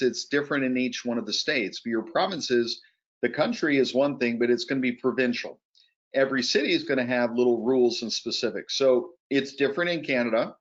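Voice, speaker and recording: Male webinar presenter, persuasive and pressing, muffled video-call audio. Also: medium pitch. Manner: energetic, urgent, persuasive. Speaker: guest presenter. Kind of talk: sales pitch on a webinar.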